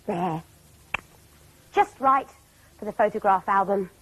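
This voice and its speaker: A woman's voice: mid-range voice, slow, heavy background noise. A woman presenting children's TV in a cheerful, playful way, talking and singing to toys.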